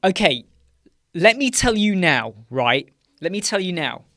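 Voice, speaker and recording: Sing-song and high-pitched, this British man's sharp voice moves a little slowly, recorded dry at studio quality. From the UK, he hosts a casual live chat stream in a small dark room with sound panels, rambling with filler words and tagging "right?" onto his points.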